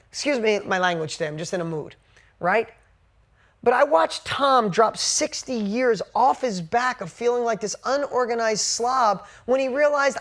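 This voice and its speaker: A woman's voice: medium pitch, normal speed. A woman business coach telling a candid story to her coaching group, speaking bluntly and swearing casually.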